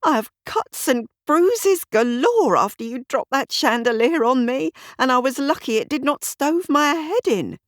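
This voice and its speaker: A man's voice: extremely high pitch, animated, unhurried, hardly any pauses, a bit bright, dry recording, clean studio sound, voice pushed up, exaggerated voice. A woman voicing a pompous, indignant male suspect who sneers and protests, in an audiobook mystery.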